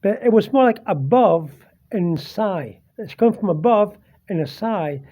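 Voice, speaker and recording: High-voiced man telling a spooky experience. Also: expressive, warm tone. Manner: halting, many fillers and restarts, earnest. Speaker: vlogger. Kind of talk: casual first-person storytelling. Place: home dining room, seated at a table. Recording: dull lo-fi home recording.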